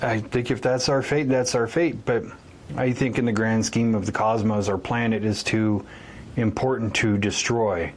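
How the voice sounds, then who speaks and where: A man's voice: on the low side, steady tone, normal speed, a little hiss or hum. A man co-hosting a podcast in casual banter, joking crudely and swearing often. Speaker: podcast co-host.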